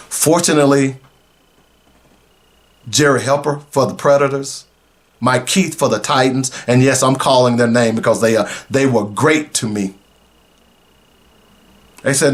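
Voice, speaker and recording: Middle-aged male radio host, earnest storyteller, emotional, mid-pitched voice. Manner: emotional, earnest, slow in places. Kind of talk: personal storytelling.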